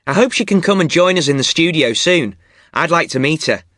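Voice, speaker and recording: Bright-voiced man podcast host. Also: on the high side, expressive, brisk, no room sound, clean studio sound. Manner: clear, friendly presenting. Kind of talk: scripted learner podcast.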